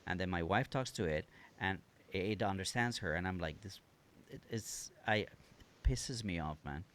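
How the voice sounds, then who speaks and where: Man, lowish voice, animated casual storyteller who laughs easily. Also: normal speed. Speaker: co-host. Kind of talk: casual chat.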